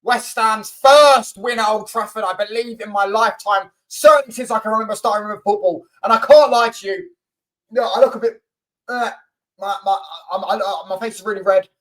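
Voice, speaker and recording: A man's voice: high-pitched, brisk, a bit bright, rough recording. A man hosting a football fan channel, ranting angrily and repetitively with lots of swearing. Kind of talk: angry fan rant to camera.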